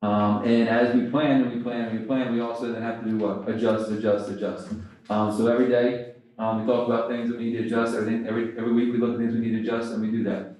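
A man giving a principal's report at a school board meeting, speaking quickly with many fillers. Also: mid-range voice, flat delivery, a little mellow. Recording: echoey room, voice from far off.

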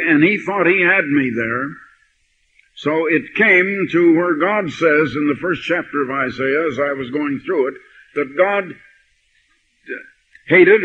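An older man preaching a sermon, telling stories and reading scripture slowly and with emphasis, on an old lo-fi recording. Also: a little high, bright, forceful tone, a little hiss or hum. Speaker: pastor. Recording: dull lo-fi archive sermon recording.

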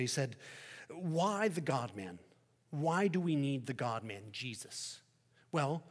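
Male preacher, husky tone, dramatic loud-soft delivery, echoing church sanctuary. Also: a little high. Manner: dramatic swings between loud emphasis and soft hushed endings. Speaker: pastor. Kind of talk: sermon.

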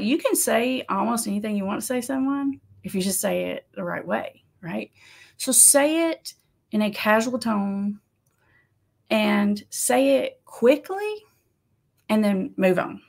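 Gravelly-voiced woman counselor. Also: fairly high pitch. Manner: conversational, animated, laughs often, acts out quotes. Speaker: addiction counselor. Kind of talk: casual advice talk to camera.

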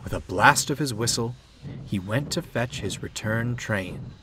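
A man narrating a storybook in a measured, expressive reading. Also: lowish voice, background noise. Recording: narration over clear music.

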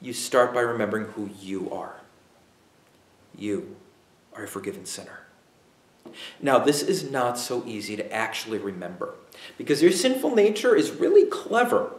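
A man preaching a sermon as pastor, emphatic, with dramatic pauses and acted-out asides. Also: mid-range voice, sing-song, echoey room.

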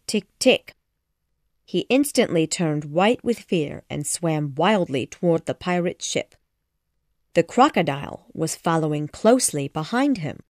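A woman reading a storybook aloud as an audiobook narrator, in expressive, measured scripted narration. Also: lowish voice, no room sound, clean studio sound.

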